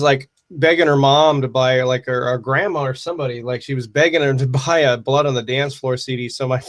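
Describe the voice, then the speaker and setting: A man hosts a loose livestream Q&A, with a wry, rambling delivery full of swearing. His voice sits at an ordinary middle pitch. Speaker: livestream host answering viewer questions. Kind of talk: casual livestream chat.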